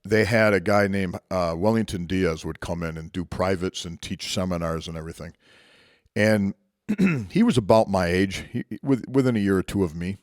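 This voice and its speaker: A man's voice: low-pitched, moderate pace, no echo, studio quality. Reflective man telling a personal story. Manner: conversational and reflective, frequent restarts. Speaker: martial arts speaker. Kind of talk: motivational storytelling talk.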